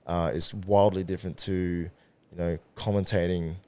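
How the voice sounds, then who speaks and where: A man, speaking a little lower than most, chats as a podcast guest. He talks loosely and animatedly and swears freely as he goes. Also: normal speed, clean tone. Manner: animated, swears freely, acts out quoted voices. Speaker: podcast guest, event organizer and rapper. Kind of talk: casual conversational interview.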